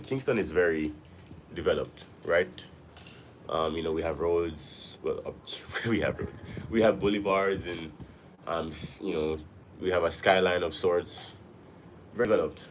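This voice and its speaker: A man with a notably low voice hosts a casual live stream, drifting loosely from thought to thought and repeating phrases. He is a little sick, and his voice sounds slightly off. A faint hum of background noise sits behind him. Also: rough recording. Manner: loose, rambling, repeats himself.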